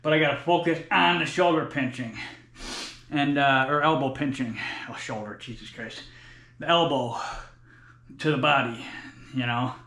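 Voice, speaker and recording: A man's voice: fairly high pitch, moderate pace, gravelly, long pauses, pushed and bright. A man in his forties filming a workout vlog in a gym, breathless between sets and talking bluntly with plenty of swearing. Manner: profane, blunt, talks between sets with sighs. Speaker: fitness vlogger. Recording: echoey gym room.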